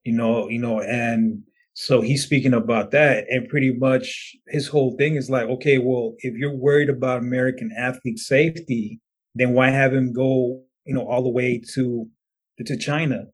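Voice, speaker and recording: A man casually walks through a news story and adds his own view in loose podcast talk. His voice is mid-pitched with a husky grain, and he leans on "you know" and "pretty much" as he goes. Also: fairly even intonation, moderate pace. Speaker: podcast co-host.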